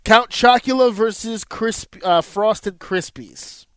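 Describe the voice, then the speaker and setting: A man's voice: sits high, slow pace, fairly bright tone, clear, resonant tone, no room sound. A man co-hosting a podcast, chatting casually, laughing often and swearing. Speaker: podcast co-host. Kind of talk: casual banter.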